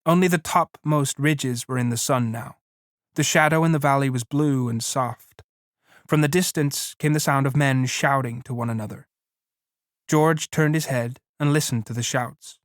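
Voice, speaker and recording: Man, audiobook narration, mid pitch, dry close sound. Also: moderate pace, dry recording.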